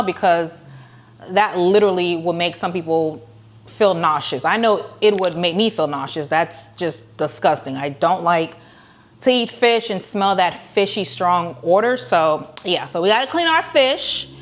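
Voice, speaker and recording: A woman hosting a casual cooking tutorial, chatty and rambling, with many ums and restarts and a few dry, sarcastic asides. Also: medium pitch. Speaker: cooking channel host.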